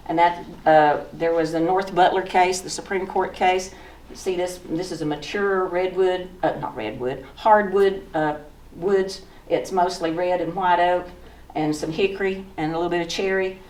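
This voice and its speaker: Low-voiced Southern woman in her sixties. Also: darkish tone. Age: 60s. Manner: folksy, storytelling, pointing at photos. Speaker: author giving a talk. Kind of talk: slideshow talk with personal memories. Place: museum lecture room. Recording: echoey room from far off.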